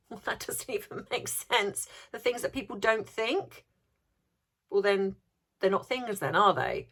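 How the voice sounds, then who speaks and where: A woman's voice: medium pitch, slow pace, pauses often, a bit bright. A woman vlogger giving opinionated commentary, indignant and sarcastic, firing off rhetorical questions and repeating words for emphasis.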